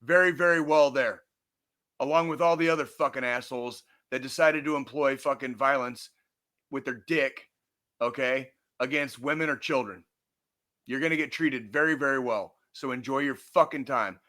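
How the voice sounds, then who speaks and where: At a normal speed, this man co-hosting a podcast rants angrily in a medium-pitched, bright and forceful voice. He curses constantly, hammers points through repetition, and restarts often.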